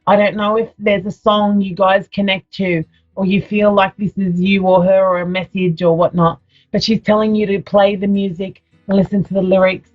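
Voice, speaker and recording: A woman's voice: medium pitch, level tone, normal speed, phone-quality sound, soft background music. A woman psychic medium giving a live radio reading in a soothing, affectionate way, often calling the caller sweetheart.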